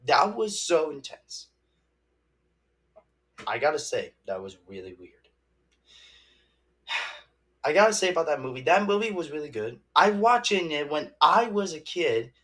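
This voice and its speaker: A young man giving a casual movie review, rambling and halting with many restarts and fillers. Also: a little high, very animated, fairly bright tone.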